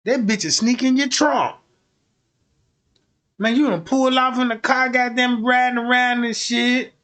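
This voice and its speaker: A man with a high voice rattles off a profane comedic rant, acting out each scene with animated energy. He sounds like a streamer riffing to his audience. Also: measured pace. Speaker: streamer commentator.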